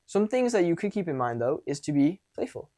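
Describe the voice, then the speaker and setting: A man's voice: a little high, sing-song, a little fast, warm tone. A young man coaching on dating and social skills in a casual monologue, blunt and profane, acting out exchanges as he talks.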